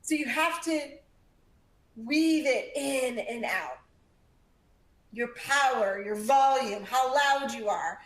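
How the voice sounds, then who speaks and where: Emphatic female speaking coach, higher voice, roomy presentation hall sound. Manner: energetic and emphatic, varies volume and pace, uses pauses. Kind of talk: presentation to a live audience. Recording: echoey room.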